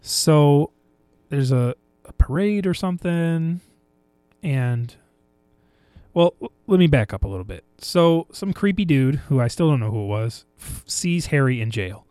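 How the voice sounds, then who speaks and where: A talkative man recapping films in a loose, rambling way, restarting sentences as he goes. His voice sits a little high for a man. The sound is dry and close, with no room around it. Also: expressive, unhurried, warm tone, clean tone, no room sound. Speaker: podcast co-host. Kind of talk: casual movie chat.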